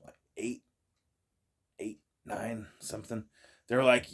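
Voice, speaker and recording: A man's voice: medium pitch, normal speed, a little mellow. A man talks in a loose, rambling way and trips over his own words, repeating them as he starts again. He swears a lot and keeps breaking into laughter. He is speaking from inside a friend's shed. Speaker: vlogger reacting to a video. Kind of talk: casual profane monologue.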